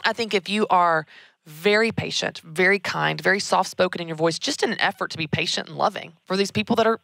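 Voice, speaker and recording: A woman, hosting a casual advice talk in an energetic, emphatic way, repeating key words. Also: on the low side, brisk, gravelly, dry recording, clean studio sound. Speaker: podcast host answering a listener question.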